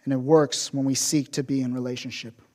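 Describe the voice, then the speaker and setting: A young adult man preaching as a pastor, animated and emphatic, dropping to soft asides. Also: medium pitch, fairly quick. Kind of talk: sermon.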